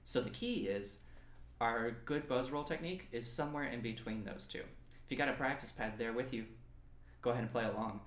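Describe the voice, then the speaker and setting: A man's voice: mid-range voice, a little fast, a bit bright, echoey room. A young man from New Mexico teaching an online snare drum lesson, encouraging and counting aloud as he plays along. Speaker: percussion teacher. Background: snare drum and practice pad playing.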